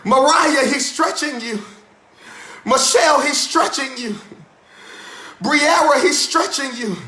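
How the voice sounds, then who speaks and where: Male pastor, high and piercing, sing-song shouted preaching; echoey room. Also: takes it slowly. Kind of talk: sermon.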